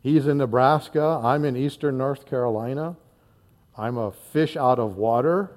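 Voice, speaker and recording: A man's voice: mid-range voice, normal speed, darkish tone. A man in his sixties from northern Indiana, preaching a sermon in an earnest, conversational way with frequent fillers and repeated words. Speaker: pastor.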